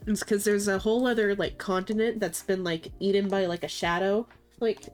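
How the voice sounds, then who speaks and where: A woman's voice: mid-range voice, steady tone, moderate pace, darkish tone, soft background music. A woman streaming live with a congested, stuffy voice, rambling casually and leaning on filler words. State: congested, sniffling. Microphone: desk microphone, mutes to sniffle.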